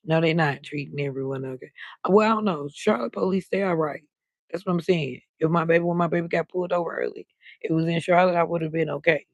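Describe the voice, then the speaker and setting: Her pitch is fairly low and a bit creaky, and she speaks fast as the host of a relaxed late-night livestream. She chats loosely, calls out viewers by name, and draws out her words, with no echo in the audio.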